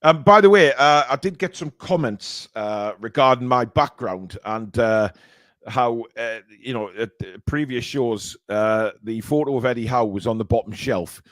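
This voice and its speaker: Man, football podcast host, halting with many fillers, dry close sound. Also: medium pitch, fairly bright tone, no room sound. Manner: halting, lots of fillers and restarts. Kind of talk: casual football chat.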